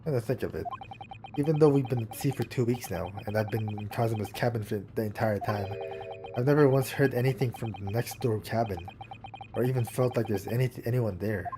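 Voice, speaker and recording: Man reading nervous young student, stumbling questions, even pitch. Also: fairly quick, noisy background, lightly acted. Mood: hesitant. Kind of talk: reading game dialogue aloud.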